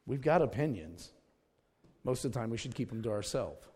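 A man's voice: mid-range voice, lively intonation, moderate pace, a little mellow, slightly rough, long reverb tail. A man preaching a sermon, emphatic, repeating his key words and calling his listeners folks.

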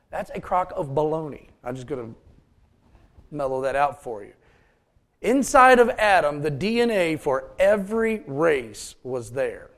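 A preacher man with a gravelly, creaky edge to his slightly high voice. He talks in a folksy, off-the-cuff way, throwing jokes and questions out to his congregation. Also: expressive, unhurried, a bit bright. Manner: folksy, joking asides to the congregation. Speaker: pastor. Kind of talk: sermon.

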